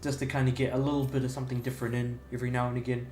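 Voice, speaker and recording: A man's voice: mid-range voice, level tone, racing, a little mellow. Rambling male game streamer in an echoey room. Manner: rambling, many fillers and restarts. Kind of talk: casual chat while livestreaming. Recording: echoey room, faint music behind.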